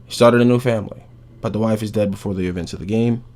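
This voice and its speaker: A man hosting a podcast, recapping a game's story in a casual, profane, animated way. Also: on the low side, quick pace. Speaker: podcast host.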